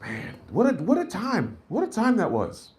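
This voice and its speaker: Stand-up comic, forties, male, foul-mouthed, leaning high and swinging widely in pitch. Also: moderate pace, a little hiss or hum. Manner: profane, animated storytelling with lots of "like" and "right?". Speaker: stand-up comedian. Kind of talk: live stand-up set.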